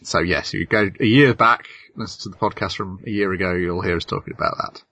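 A man's voice: sits low, fairly quick, sharp tone, breathy edge, no echo. A man hosting a podcast in casual chat, talking steadily about the show. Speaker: podcast host.

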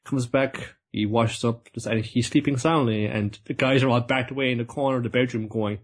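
Casual podcast co-host, male, husky tone, rambling retelling, slips into character voices. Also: medium pitch, fairly even intonation. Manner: rambling retelling with quick put-on voices and laughs. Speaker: podcast co-host recapping an anime. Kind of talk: casual chat.

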